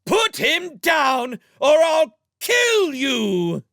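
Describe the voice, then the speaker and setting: A man voicing a fierce, quick-tempered woman who shouts warnings. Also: medium pitch, sing-song, dry recording, studio quality.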